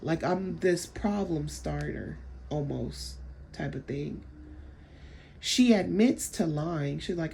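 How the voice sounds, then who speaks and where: Low gravelly woman venting bluntly. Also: expressive, slow pace, dark tone, a little hiss or hum. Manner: blunt, frank, swears casually; rambling, repeats words while telling a story. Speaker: vlogger. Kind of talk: casual storytime venting.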